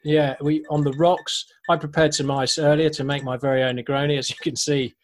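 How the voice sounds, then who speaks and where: A man's voice: on the high side, level tone, fairly quick, a little hiss or hum. Man, co-host, casual chat, jokey, explanatory, video call. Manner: chatty, jokey, explains drink history. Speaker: podcast co-host. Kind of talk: casual chat about cocktails.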